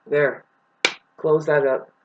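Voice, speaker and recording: A man's voice: a little high, little pitch movement, takes it slowly, narrow, tinny audio, background noise. A man ranting on his vlog, rambling and swearing heavily, jumping from topic to topic with many restarts. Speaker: vlogger. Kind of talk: rambling profane vlog rant.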